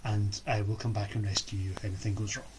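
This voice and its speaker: Brief: sensible storybook cat and sparrow, quiet and instructing, voiced by a storyteller. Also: low voice, little pitch movement, fast talker, slight background noise, pitched below the performer's own voice, natural voice.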